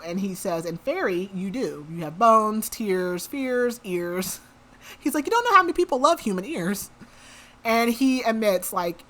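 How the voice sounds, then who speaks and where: A woman's voice: lowish voice, a bit bright. A woman podcast host casually retelling a novel's plot, quoting the characters in her own everyday voice with lots of "like.". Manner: chatty, quotes characters in her own voice, frequent "like". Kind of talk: casual book recap.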